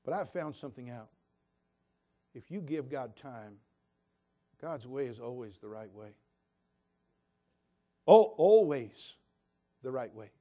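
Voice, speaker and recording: An older man preaching a sermon in a folksy, homespun storytelling way with fervent conviction. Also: mid-range voice.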